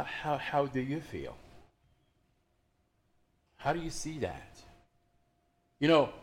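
Preaching man, higher voice. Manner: preaching with rising emphasis, then dropping to quiet asides. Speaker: pastor. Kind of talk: sermon.

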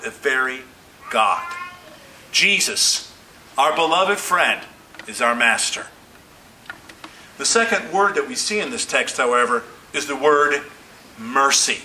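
A man's voice: on the high side, sharp tone, far from the mic, a little hiss or hum, poor audio. A male pastor preaching a sermon, emphatic, with repeated phrases that rise and fall. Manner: emphatic preaching with rising and falling repetition.

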